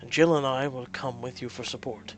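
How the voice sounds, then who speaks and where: A reader voicing a supportive best friend who calmly reassures the heroine in a story game. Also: mid-range voice, brisk, close to an everyday voice. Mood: reassuring. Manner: reassuring, calm.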